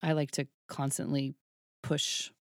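A woman's voice: low voice, measured pace, no room sound, studio quality. A woman guest in a casual interview, telling stories with a lot of laughter and acting out the dialogue she quotes. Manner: animated, laughs often, acts out quoted dialogue. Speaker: podcast guest, burlesque troupe founder.

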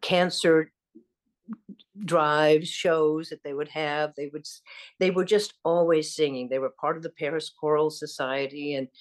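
An older actress from the American South with a faint Southern accent, telling rambling stories with frequent laughter in an interview. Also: female voice, sits low, steady tone, measured pace. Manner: warm, rambling, self-deprecating, laughs often. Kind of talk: casual storytelling interview.

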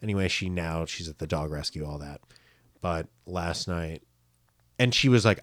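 A man's voice: low voice, moderate pace, no room sound. A young adult man co-hosting a casual film podcast, telling stories and acting out movie quotes. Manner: animated storyteller, acts out quotes loudly. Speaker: podcast co-host.

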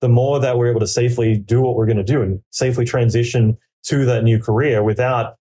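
Man, mellow tone, casual podcast chat, rambling with lots of fillers, acts out quoted thoughts. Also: medium pitch, fairly even intonation, fast talker, breathy edge. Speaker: podcaster giving career advice. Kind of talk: casual conversational interview.

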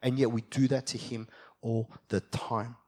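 A young adult man preaching a sermon as a pastor, moving from quiet reflection to fired-up passion. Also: medium pitch, little pitch movement, measured pace.

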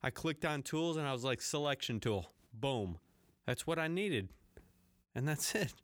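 Slow-talking, foul-mouthed man ranting. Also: on the high side, animated, a bit bright, no echo. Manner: profane, rambling, laughs often; blunt and conversational, addresses listeners directly. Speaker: podcast host. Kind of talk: casual solo podcast rant.

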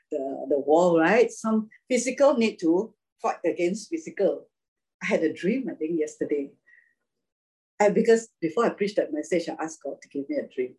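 Husky woman preaching an informal sermon. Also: lowish voice, darkish tone, poor audio. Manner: chatty, often asks the listeners questions and laughs.

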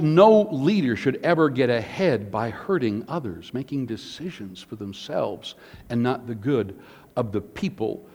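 A man's voice: medium pitch, a little mellow. A man preaching a sermon as pastor, emphatic and varied, asking rhetorical questions of the congregation. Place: church. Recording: long hall reverb.

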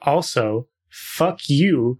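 A man's voice: medium pitch, lively intonation, very slow, a little mellow. A man chatting and teasing at a tabletop game, laughing often. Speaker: player. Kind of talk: casual chat at a game table.

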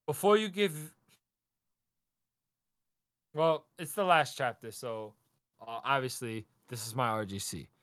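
A man on a podcast retells a story in a lively, animated way, jumping into the characters' voices and laughing along. His voice sits at a middle pitch. The recording is dry and close, with no room sound. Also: measured pace, long pauses, no echo. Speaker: podcast co-host. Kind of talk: casual chat recapping a manga chapter.

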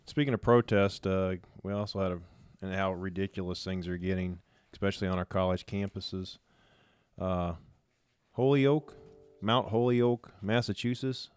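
A man's voice: low-pitched, normal speed, a little mellow, clean tone, no room sound. A man hosting a podcast, reading a news story aloud and mocking it in casual talk. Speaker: podcast host.

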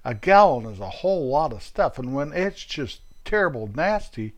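A man's voice: a little high, very animated, normal speed. An older man rambles through a humorous story in a folksy, digressive way. He jokes as he goes and often wanders off topic before finding his place again. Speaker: vlogger.

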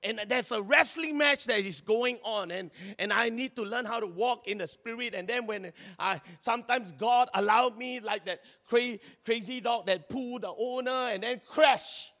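A man preaching a sermon in a lively, chatty way, laughing often and acting out little scenes. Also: very high-pitched, normal speed, few pauses. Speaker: pastor. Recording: long hall reverb.

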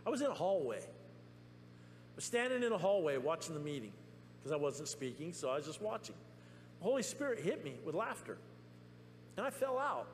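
A man preaching a testimony sermon in a church, telling his story excitedly with many restarts. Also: on the high side, normal speed, long pauses. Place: church sanctuary. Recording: long reverb in a church with faint hum.

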